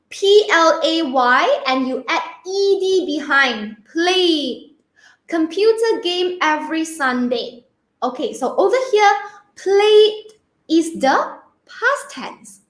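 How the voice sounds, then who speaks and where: A high-voiced woman teaching a grammar lesson to young pupils. She speaks slowly and patiently, spells words out letter by letter, and keeps checking in with "okay?". Her voice rings in an echoey room. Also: a bit bright. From Malaysia. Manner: peppers speech with "okay?" checks. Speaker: primary school English teacher.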